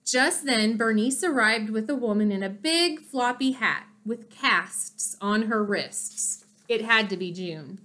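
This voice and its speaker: A woman's voice: a little high, animated, takes it slowly, hardly any pauses, a bit bright. A woman reading a children's chapter book aloud, stopping to explain the pictures to her listeners. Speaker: storybook reader.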